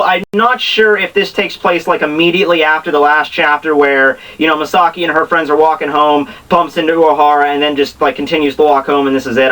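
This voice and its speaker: A young man rambling excitably as he reviews a manga chapter, full of restarts and asides. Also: on the high side, distant mic, poor audio. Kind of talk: casual chapter review vlog.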